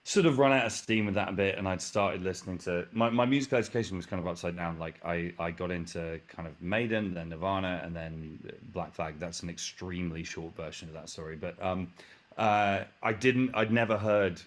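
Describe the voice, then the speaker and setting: Very deep-voiced English man, rambling. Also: brisk. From England. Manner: rambling, self-correcting, swears casually. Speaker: guest musician. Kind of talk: casual interview chat.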